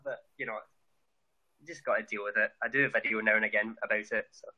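A Scottish man with a very bright, sharp edge to his voice talks about himself in a casual interview. He sounds earnest and chatty, stumbling into restarts and fillers. He is heard over a remote video call. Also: on the low side, steady tone, fast talker, poor audio. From Scotland. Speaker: vlogger, interview guest.

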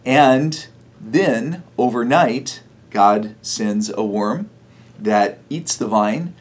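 Guy pastor with a husky voice, chatty sermon, chuckles a lot. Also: medium pitch, expressive, extremely slow. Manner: conversational storytelling with chuckles. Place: church.

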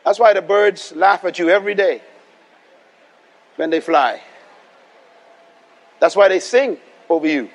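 High-voiced Bahamian preacher, emphatic. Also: male voice, a little slow, pauses often. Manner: emphatic, repeats lines and calls for audience response. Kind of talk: sermon. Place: live venue before a congregation.

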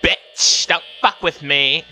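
A man's voice: fairly high pitch, slow pace, bright, forceful tone, faint music behind, full character voice. A man voicing a bratty, foul-mouthed young woman who taunts in a catty way. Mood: scornful.

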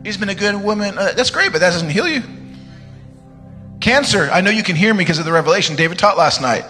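A man preaching a live church sermon, telling stories with joking asides and sudden shouted commands. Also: sits high, animated, quick pace. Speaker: guest preacher. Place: church sanctuary. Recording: live church sermon, reverberant hall, music underneath.

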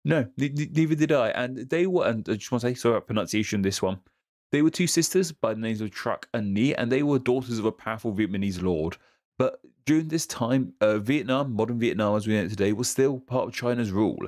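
A man co-hosts a casual history podcast. He talks in a relaxed, chatty way, with fillers and restarts. His pitch sits in the middle range for a man. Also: quick pace. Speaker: podcast co-host.

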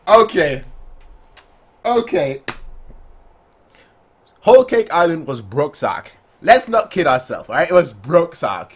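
Animated man reacting to manga. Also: a little high, takes it slowly, pauses often, slightly rough. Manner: animated, puts on silly voices for characters. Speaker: manga reaction channel host. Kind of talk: excited manga reaction commentary.

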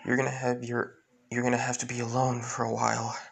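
A man voicing a dying, gentle father who speaks quietly in a breathy half-whisper. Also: medium pitch, completely flat delivery, a little fast. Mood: tender.

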